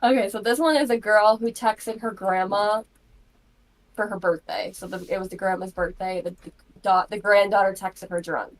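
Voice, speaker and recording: A woman's voice: mid-range voice, fairly even intonation, normal speed, low-quality recording. A woman co-hosting a live podcast, casually reading out drunk texts and giggling as she tells them. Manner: giggly storytelling, many "like" fillers. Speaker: podcast co-host. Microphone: live podcast mic.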